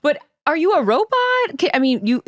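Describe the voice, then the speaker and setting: A woman's voice: high voice, sing-song, a little fast, no room sound. A woman co-hosting a podcast, reassuring her friend in supportive, rambling casual chat. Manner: reassuring, supportive, talks in run-on thoughts. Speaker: podcast co-host.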